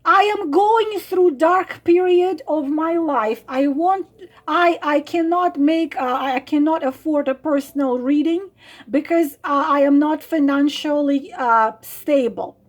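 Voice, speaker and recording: A woman's voice: high-pitched, measured pace. A woman who reads tarot, talking to camera in an emotional, exasperated monologue that keeps circling back to the same points. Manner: exasperated, emphatic, repeats herself. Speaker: tarot reader and psychic vlogger.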